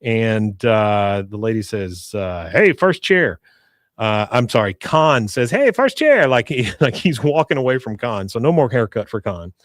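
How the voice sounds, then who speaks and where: A male podcast host recapping a cartoon episode in a casual, animated way, acting out the characters' lines. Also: on the low side, normal speed, few pauses, no room sound, clean studio sound. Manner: animated storytelling, acts out lines.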